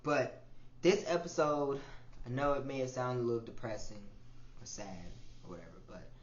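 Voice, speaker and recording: A man in his twenties hosts a podcast, speaking a reflective personal monologue in a mid-pitched voice. His delivery is emotional and repetitive, dropping soft and then rising into louder swells. The recording is roomy and somewhat dull, with faint ambience behind him. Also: normal speed, slight background noise. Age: 20s. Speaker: podcast host.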